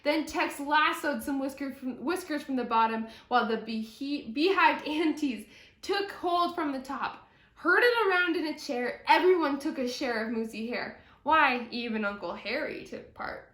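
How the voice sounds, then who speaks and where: A woman reads a children's picture book aloud with slow, deliberate pacing and an expressive storytelling lilt. Her voice sits a little on the high side, and the recording carries noticeable echo from the room. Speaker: storybook reader. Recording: echoey room.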